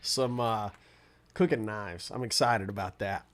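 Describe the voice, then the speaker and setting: A man's voice: on the low side, a little slow, fairly bright tone. Stuffy-nosed man chatting on a livestream. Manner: laid-back, rambling, answers viewer chat. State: stuffy nose from a cold. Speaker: livestream host and guitarist. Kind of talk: casual livestream chat.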